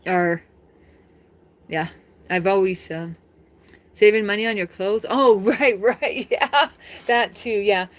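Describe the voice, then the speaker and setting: A woman's voice: mid-range voice, slow, long pauses. A woman from the United States chatting casually on her live stream, rambling and laughing often.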